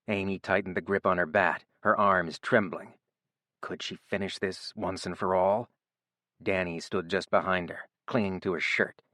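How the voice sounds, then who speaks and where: A man narrating an audiobook in a steady, even storytelling voice. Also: deep voice, normal speed, no room sound, clean studio sound. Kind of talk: scripted narration.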